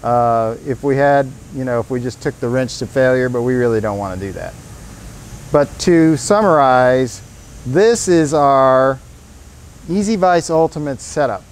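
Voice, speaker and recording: A man's voice: medium pitch, measured pace. A man presenting his company's tool in a casual, upbeat product demonstration with salesman energy, in a workshop.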